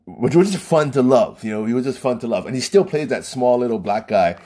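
Guy rambling thru a story, husky mellow voice, keeps repeating himself. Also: medium pitch, expressive, brisk. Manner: rambling, repeats words and restarts. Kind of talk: casual storytelling monologue.

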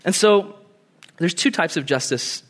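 A young man preaching a sermon in an animated way, acting out quoted voices and laughing easily. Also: sits high, a little slow. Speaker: pastor.

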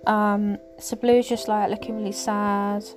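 A woman hosting a casual faith podcast, talking in a rambling, hesitant way with many pauses and fillers. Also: mid-range voice, little pitch movement, noisy background. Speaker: podcast host. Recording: music clearly underneath.

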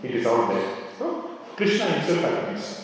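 A man's voice: on the high side, huge pitch swings, moderate pace. A man teaching a scripture class in a conversational way, with many "you know" asides. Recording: echoey hall, speaker far from mic.

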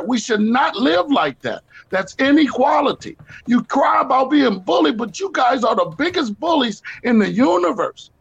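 High gravelly man ranting bluntly. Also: a bit bright, no echo, highs cut off. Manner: blunt, heated, profane ranting. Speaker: podcast co-host. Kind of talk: casual chat.

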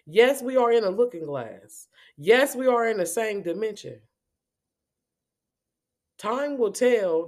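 A woman's voice: medium pitch, darkish tone. A woman in the middle of a spoken rant, confrontational and swearing hard. She circles back to the same points over and over. Her voice sits in a middle range. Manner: confrontational, heavy cursing, repeats herself.

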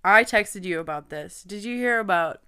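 A woman's voice: mid-range voice, animated, normal speed, pushed and bright, smooth. A woman co-hosting a podcast, easygoing and chatting casually. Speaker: podcast co-host. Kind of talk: casual chat.

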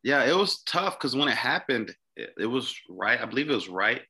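A young man from Mississippi, a podcast guest telling a personal story in a halting way, often repeating words and restarting. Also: mid-range voice, very animated, sharp tone.

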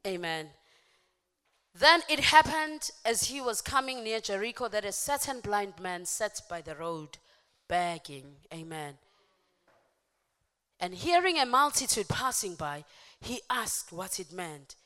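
A woman preacher giving an impassioned sermon, moving from soft speech to shouting, with call-and-response. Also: mid-range voice, big pitch swings, a little slow. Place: church hall. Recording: echoey church hall.

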